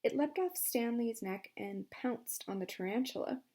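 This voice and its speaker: A woman reading a novel aloud as an audiobook, giving each character a voice of her own. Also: moderate pace. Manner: shifts pitch and loudness for each character. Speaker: audiobook reader. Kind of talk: storybook narration with character voices.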